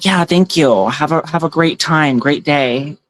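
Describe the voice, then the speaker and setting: A woman with a deep voice speaks at a measured pace. A tarot reader and livestream host, she runs a casual tarot stream on her phone, chatty and giggly, thanking viewers by name as she reads their comments.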